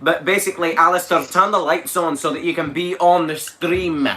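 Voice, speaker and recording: A man's voice: fairly high pitch, steady tone, normal speed, pushed and bright, slight background noise. A young man co-hosting a casual chat, teasing and playful, trying out silly accents.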